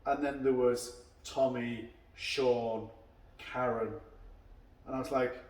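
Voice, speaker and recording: A karate instructor and podcast host, with a mid-range voice, takes it slowly while chatting casually over a beer. He spins long, rambling anecdotes and acts out the dialogue of people in them. The recording is echoey and sounds far from the mic.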